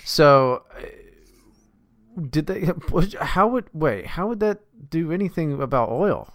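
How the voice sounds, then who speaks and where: Crude, smooth-voiced male co-host. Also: a little high, lively intonation, takes it slowly, fairly bright tone, dry recording, studio quality. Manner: crude, profane, blunt. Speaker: podcast co-host. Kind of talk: casual chat.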